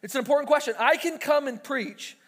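A man's voice: extremely high pitch, fairly quick, a bit bright. A man preaching a conversational sermon as pastor, acting out quoted voices as he speaks. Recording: long hall reverb.

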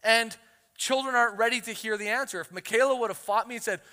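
Male pastor preaching with a high, bright voice and animated storytelling, booming hall reverb. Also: fast talker. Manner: animated storytelling, acts out quotes. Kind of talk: sermon.

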